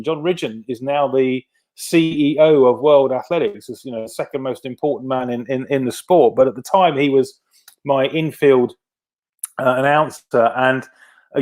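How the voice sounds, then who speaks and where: A man's voice: mid-range voice, a little mellow. A man and veteran venue producer telling anecdotes over a video call. He speaks with a self-deprecating humor and frequently uses fillers and restarts his sentences. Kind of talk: casual storytelling interview.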